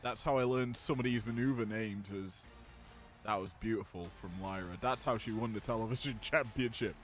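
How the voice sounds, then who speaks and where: A man calling a wrestling match play-by-play, drifting between relaxed chatty asides and louder calls on big moves, with a slight growl in his voice. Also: on the low side, moderate pace, faint music behind. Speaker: wrestling commentator. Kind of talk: play-by-play commentary on a simulated match.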